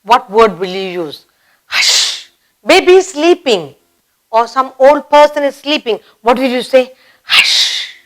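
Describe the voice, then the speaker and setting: A woman teaching a basic grammar lesson for children. She speaks slowly, repeats key words and acts out example exclamations. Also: high voice, expressive, poor audio. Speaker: English teacher.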